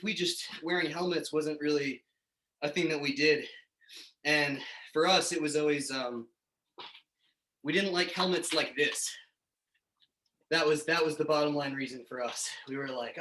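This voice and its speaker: A young man talks in a relaxed, chatty way, a little out of breath and often pausing on fillers. His voice sits slightly high for a man, and the room around him echoes. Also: slight background noise. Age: young adult. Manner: laid-back, chatty, hesitant fillers. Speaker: guest.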